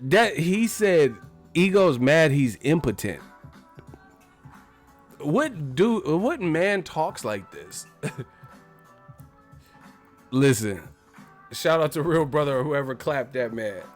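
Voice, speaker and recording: Boxer hosting a livestream, easy and slow, swearing and laughing, faint music behind. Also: male voice, fairly high pitch, very animated. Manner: rambling, profane, laughs often. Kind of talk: casual livestream chat.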